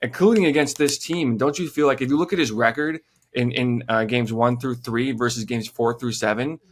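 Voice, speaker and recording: A man co-hosting a hockey podcast talks through playoff goaltending in a measured, conversational tone. His voice sits at an ordinary middle pitch. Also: steady tone. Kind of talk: casual sports chat.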